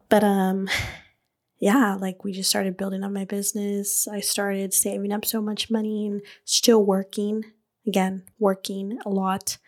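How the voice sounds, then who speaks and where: A woman hosting a podcast, telling her own story in a casual, animated way. She fills her talk with "like", laughs often and swears freely. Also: mid-range voice. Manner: chatty and animated, many "like" fillers, laughs. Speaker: podcast host and beauty business owner.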